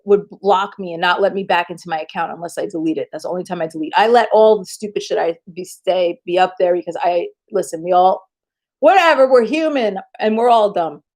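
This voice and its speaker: A woman streaming live in casual chat, telling rambling stories with lots of swearing and frequent laughter. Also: medium pitch. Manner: profane, laughs often; rambling animated storytelling.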